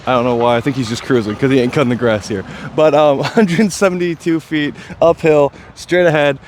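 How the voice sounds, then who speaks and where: Excitable chatty man on a disc golf course. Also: medium pitch, a little fast, slight background noise. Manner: chatty, excitable, self-deprecating. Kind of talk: casual play-by-play commentary.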